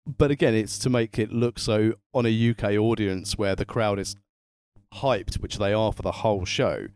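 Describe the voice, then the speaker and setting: A man's voice: lowish voice, fairly even intonation, moderate pace, darkish tone, smooth. A man co-hosting a casual wrestling podcast, slipping wry jokes into his points. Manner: wry, joking asides. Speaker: podcast co-host. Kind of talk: casual chat reviewing wrestling.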